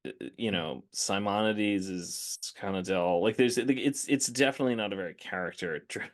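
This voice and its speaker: A man's voice: fairly low pitch, moderate pace. A man co-hosting a podcast, chatting enthusiastically about movies and telling anecdotes. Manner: enthusiastic, animated storyteller. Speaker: podcast co-host. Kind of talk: casual film discussion.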